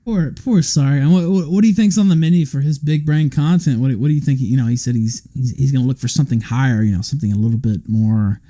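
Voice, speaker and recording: A man's voice: mid-range voice, fast, hardly any pauses, mellow. A man hosting a podcast in casual chat, asking questions with a sarcastic edge. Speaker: podcast host.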